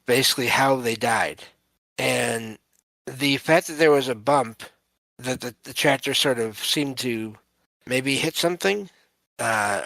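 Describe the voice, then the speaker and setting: A man's voice: medium pitch, fairly bright tone, no echo, rough recording. A man hosting a paranormal podcast, reading listener stories and musing on them with frequent fillers and restarts. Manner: hesitant, many fillers and restarts. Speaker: podcast host.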